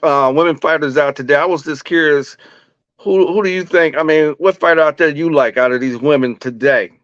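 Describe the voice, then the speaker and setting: Man co-host calling in, laid-back, slightly high voice, dull dry lo-fi line. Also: fairly quick, a bit bright, dry recording. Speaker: podcast co-host. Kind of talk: casual call-in chat.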